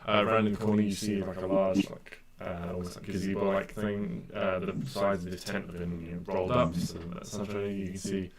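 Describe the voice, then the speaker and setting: A man's voice: sits low, little pitch movement, fairly quick, few pauses, crowd noise. A man as game master, describing scenes in a rambling way full of fillers. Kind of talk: narrating a tabletop game.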